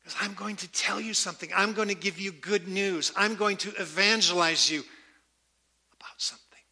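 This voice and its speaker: A man preaching a sermon, emphatic and repeating key words with slow, deliberate stress. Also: high voice, sharp tone, slightly rough. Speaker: pastor.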